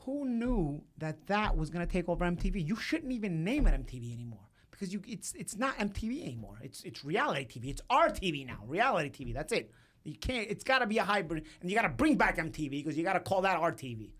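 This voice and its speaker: A man chatting as a podcast guest, animated and storytelling with frequent restarts. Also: high-pitched, fast talker. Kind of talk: casual chat.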